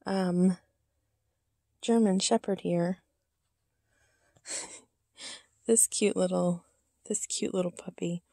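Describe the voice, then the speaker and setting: A woman showing her doll collection in a casual vlog, soft-spoken and halting, often dropping to a whisper and holding back tears. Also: medium pitch, vocal fry, husky, no room sound, studio quality. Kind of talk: casual show-and-tell vlog.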